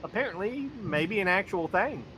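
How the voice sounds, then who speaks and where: Man, casual podcast co-host, high bright voice, profane rambling, faint room hum behind. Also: lively intonation, moderate pace. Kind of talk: casual chat.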